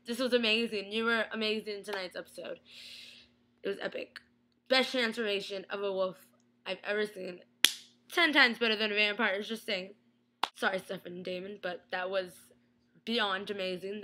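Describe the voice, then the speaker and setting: Excitable young woman gushing in a vlog. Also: medium pitch, moderate pace. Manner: gushing, breathless, lots of "like" and restarts. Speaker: vlogger reviewing a TV episode. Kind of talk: excited casual vlog rant.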